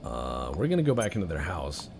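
A man's voice: a bass voice, huge pitch swings, fairly quick, gravelly, background noise. A young man giving casual, joking commentary while playing a game, muttering to himself. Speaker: let's-play gamer.

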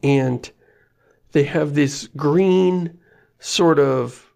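A man's voice: on the high side, extremely slow, gravelly, darkish tone. A man co-hosting a podcast in casual chat, jokey and self-mocking, laughing often. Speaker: podcast co-host.

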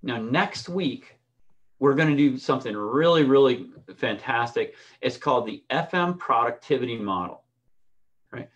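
A middle-aged man coaching swimmers in an informal lesson. He talks conversationally in a voice of middling pitch, weaving in stories, stumbling into restarts and tagging points with "right?". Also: lively intonation, normal speed, highs cut off. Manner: conversational, restarts often and keeps asking "right?". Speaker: swim coach. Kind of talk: instructional talk with personal stories.

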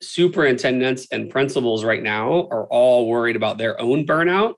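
A man's voice: medium pitch, lively intonation, normal speed, rough recording. A man hosting an interview, speaking earnestly with frequent restarts and fillers. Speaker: host. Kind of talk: interview questions and conversation.

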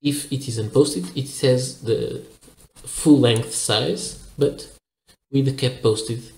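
Slow, careful man reviewing a pen. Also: medium pitch, vocal fry, darkish tone, roomy sound, rough recording. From Portugal. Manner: careful, hesitant explaining while handling objects. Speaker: pen reviewer, channel host. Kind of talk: product review with demonstration.

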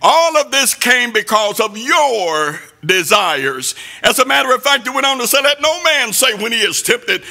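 A man preaching a sermon in a sing-song cadence that rises to shouts. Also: extremely high pitch, animated, moderate pace, gravelly, hardly any pauses, soft background music.

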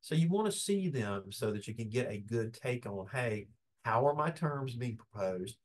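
A man giving a casual, calm webinar lecture over a video call. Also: medium pitch, moderate pace. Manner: folksy, conversational, calm tone. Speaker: business law presenter. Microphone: video call webcam.

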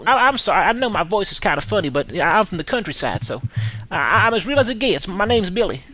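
A man's voice: high voice, sing-song, fast talker, sharp tone, pitched above the performer's own voice, full character voice. A man voicing a timid young country man on a prank phone call, stammering and hesitant. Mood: awkward.

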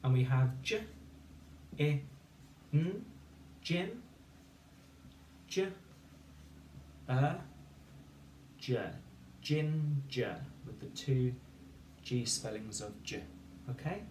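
A man's voice: mid-range voice, lively intonation, extremely slow, pauses often, darkish tone, a little hiss or hum. A man teaching a phonics lesson, patiently dictating a sentence and spelling words out letter by letter. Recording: echoey room, voice from far off.

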